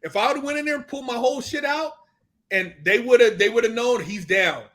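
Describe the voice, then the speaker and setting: A man talking as a podcast guest, telling animated, profane stories and acting out what others said. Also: very high voice, a little fast. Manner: animated storytelling, profane, acts out quoted dialogue. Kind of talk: casual podcast conversation.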